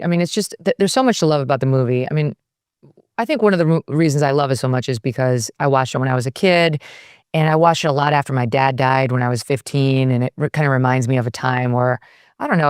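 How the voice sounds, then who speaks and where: A woman's voice: a bass voice, fast talker, darkish tone, clean tone, dry recording, studio quality. A woman in her fifties chatting animatedly as a guest in an interview. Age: 50s. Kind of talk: casual interview chat.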